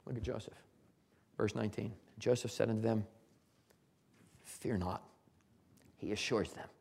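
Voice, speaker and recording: A preacher gives an expository sermon in a gravelly, brisk, flat delivery. He swings between loud emphatic bursts and hushed low asides, often repeating words and restarting phrases.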